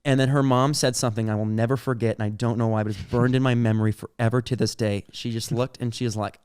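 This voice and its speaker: A man's voice: medium pitch, steady tone, fast, darkish tone, clean tone. A young man co-hosting a podcast, telling childhood stories in casual chat, rambling with lots of "like" fillers and laughing as he talks. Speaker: podcast co-host.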